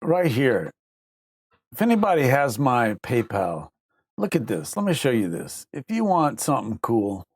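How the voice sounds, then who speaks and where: A man's voice: mid-range voice, very animated, unhurried, breathy edge, dry recording. A man hosting a casual livestream, rambling and reading out viewer comments. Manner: rambling, conversational, drops into mock voices. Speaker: livestream host.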